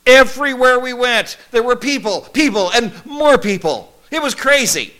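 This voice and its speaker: A man playing a male disciple who recalls his travels in a first-person monologue, wry and conversational, with lively swings in emphasis. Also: extremely high pitch, moderate pace, heavily acted. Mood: earnest recollection. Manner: conversational, wry, animated storytelling.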